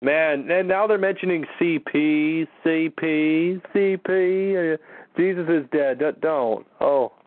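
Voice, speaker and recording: A man's voice: fairly high pitch, slow pace. A man hosting a casual call-in show, exasperated and mocking, swearing often. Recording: tinny phone-line audio.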